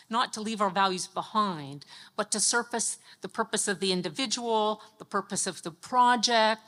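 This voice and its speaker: A woman with a bright, clear voice asks her question from the floor of a conference. She speaks earnestly, thinking aloud with small fillers, and the hall's long reverb trails behind her words. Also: mid-range voice. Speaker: audience member asking a question. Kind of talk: public Q&A question.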